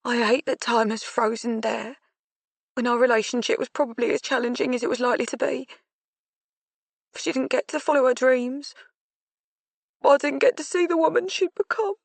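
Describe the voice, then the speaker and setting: A woman doing a grieving mother, voice straining high. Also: normal speed, vocal fry, long pauses, dry recording. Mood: anguished. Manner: voice climbing and breaking with grief. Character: grieving older mother of a dead teenage girl.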